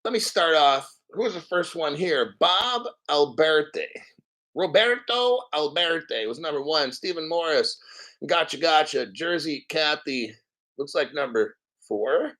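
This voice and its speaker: A man hosts a crypto livestream, reading viewer comments aloud and ranting bluntly with profanity, mocking others in exaggerated put-on voices. He sounds a little out of breath. His voice is on the high side, lively, unhurried, pushed and bright, and the audio is poor.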